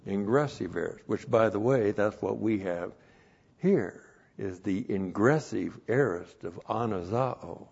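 A man preaching a sermon and teaching the Bible as a pastor, repeating phrases and rising loud to stress a point. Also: fairly low pitch, measured pace, creaky, breathy edge. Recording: dull lo-fi recording.

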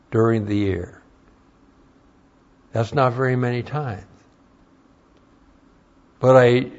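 A man teaching a Bible class as a pastor, deliberate and emphatic, pressing on key words in sermon style. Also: medium pitch, highs cut off.

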